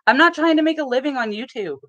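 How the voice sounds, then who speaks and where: A woman with a bright, forceful voice co-hosts a casual livestream. She talks bluntly and defensively and swears without a second thought. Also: high voice, animated, fast, lo-fi sound. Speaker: livestream co-host.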